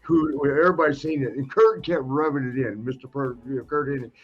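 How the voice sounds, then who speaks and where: Speaking fast with a breathy edge, this medium-pitched retired wrestler swaps stories on a podcast through a muffled recording. He's an animated storyteller who laughs a lot and plays out the characters in his tales.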